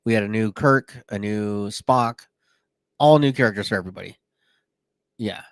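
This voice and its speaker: A man's voice: on the low side, moderate pace, no echo. Man chatting casually on a podcast. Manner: relaxed, frequent short agreements. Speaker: podcast co-host. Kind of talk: casual chat.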